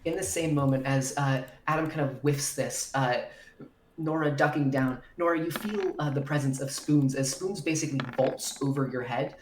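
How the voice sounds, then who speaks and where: A woman's voice: a bass voice, normal speed, darkish tone, a little hiss or hum. A woman narrating as dungeon master in casual chat, swearing freely and using many fillers. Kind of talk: narrating a tabletop game. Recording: roomy echo with faint music.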